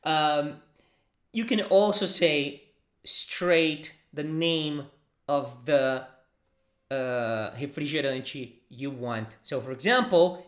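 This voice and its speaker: A language teacher from Brazil speaks English with a Brazilian accent, moving at an unhurried, deliberate pace. Phrases come twice or three times so the learner can copy them, with patient repetition. The voice rings in an echoey room. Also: medium pitch. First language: Portuguese. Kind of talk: language lesson.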